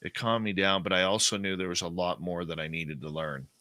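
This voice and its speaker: Deep voiced guy telling a story slow and bright, dry close sound. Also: no echo. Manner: animated personal storytelling, acts out quotes. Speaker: guest. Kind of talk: storytelling in an interview.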